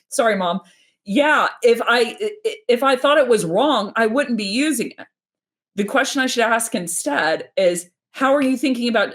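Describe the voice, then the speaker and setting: Animated woman in her thirties talking sales. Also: mid-range voice. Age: 30s. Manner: animated, nerdy, acts out quoted dialogue. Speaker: sales trainer hosting a live stream. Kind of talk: casual live-stream talk.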